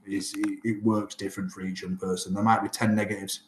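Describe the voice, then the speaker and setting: A man in his thirties tells stories in a casual interview, slipping into the voices of the people he quotes. His voice sits fairly low and stays flat in pitch. The room around him has a noticeable echo. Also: brisk, slight background noise. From Northern England. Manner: animated storyteller, acts out quoted exchanges. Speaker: rugby player and guest. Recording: echoey room.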